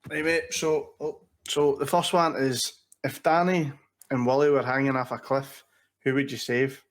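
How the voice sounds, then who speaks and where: A man, co-hosting a casual chat show and reading out quick questions in a relaxed, sweary way. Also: mid-range voice. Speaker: co-host.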